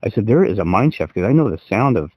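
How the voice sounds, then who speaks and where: A man's voice: fairly low pitch, big pitch swings, quick pace, breathy edge, no room sound, highs cut off. A middle-aged man telling a story in casual chat as a podcast co-host, rambling and swearing and laughing as he goes.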